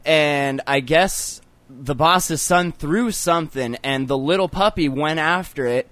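A young man hosting a casual online show, telling crude stories fast with plenty of swearing and laughter. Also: on the high side, fairly bright tone, dry recording. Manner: profane, joking, quick storytelling with laughs. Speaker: podcast host.

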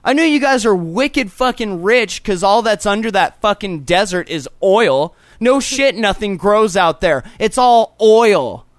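A man's voice: high voice, lively intonation, unhurried, few pauses, no room sound. Profane joking man, dry sound. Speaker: podcast co-host. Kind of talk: casual podcast chat.

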